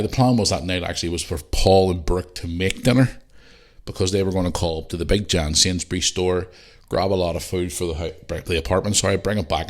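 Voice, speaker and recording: A man in his forties hosting a podcast, telling a story in a casual, animated way, with lots of swearing, and acting out the voices of the people in it. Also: deep voice. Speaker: podcast host.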